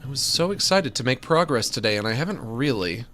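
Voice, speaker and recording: A man's voice: mid-range voice, animated, a little fast, few pauses, a bit bright, soft background music. A young man giving casual, joking commentary while streaming a video game, rambling and looping silly bits. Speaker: let's-play streamer.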